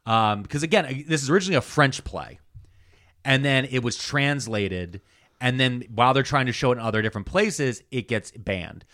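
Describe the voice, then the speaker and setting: A man co-hosting a podcast, walking the others through his notes in a casual, animated way with many "uh"s and "like"s. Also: medium pitch, moderate pace. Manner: animated storytelling with many fillers. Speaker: podcast co-host presenting the topic.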